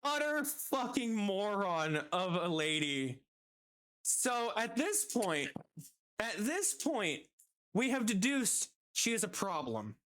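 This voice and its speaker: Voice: medium pitch, big pitch swings, slow, fairly bright tone. A streamer casually telling a work story, swearing and acting out the people in it. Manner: swearing, laughing at his own story; acts out quoted customers and bosses.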